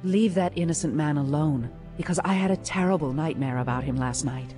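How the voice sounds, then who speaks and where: A man's voice: on the high side, a little fast, music in the background, voice pushed up, close to an everyday voice. A man voicing an anxious, urgent governor's wife in a dramatized scripture reading.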